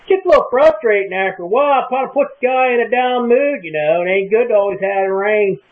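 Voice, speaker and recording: A man rambling in a folksy, drawn-out small-town way in a casual comic monologue. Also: high-pitched, expressive. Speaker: comic vlogger in character. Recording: tinny phone-like lo-fi recording.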